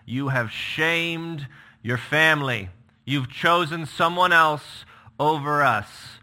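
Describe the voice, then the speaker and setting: A man voicing an angry king who scolds his son loudly. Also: on the high side, slow, pitched above the performer's own voice, heavily acted. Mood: furious. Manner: loud, scolding, accusing. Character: furious older king berating his son.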